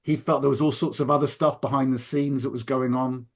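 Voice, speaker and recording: A man's voice: medium pitch, fairly even intonation, brisk. A man in casual conversation, talking earnestly and with emphasis, often restarting his sentences.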